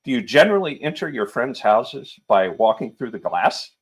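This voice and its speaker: A man's voice: medium pitch, sing-song, moderate pace, husky, voice pushed up. A man voicing a pompous middle-aged male police magistrate who blusters, turns irritable and talks down to the accused. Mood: mocking.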